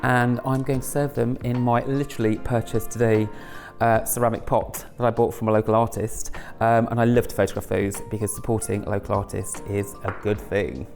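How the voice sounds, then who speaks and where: A man's voice: on the low side, flat delivery, a little fast, vocal fry, darkish tone, soft background music. A man chatting casually through a home cooking video, rambling with self-mocking asides. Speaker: home cook and channel host. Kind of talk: casual cooking vlog chat.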